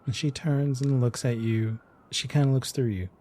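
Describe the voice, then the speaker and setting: A man narrating a tabletop game as game master, describing scenes in an unhurried way. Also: mid-range voice, fairly even intonation, warm tone.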